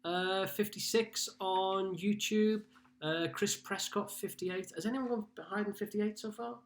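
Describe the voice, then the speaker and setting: With a high-pitched voice, a steady tone, and a slightly slow delivery, a man from Liverpool hosts an easygoing pub quiz streamed live from home. He chats, names players, and reads out their scores.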